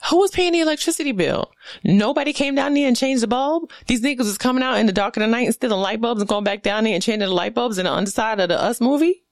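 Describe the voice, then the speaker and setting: A woman from the US East Coast hosting a casual solo podcast, riffing in an animated, profane, sarcastic way. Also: a little high, fast, dry recording, studio quality. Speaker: podcast host.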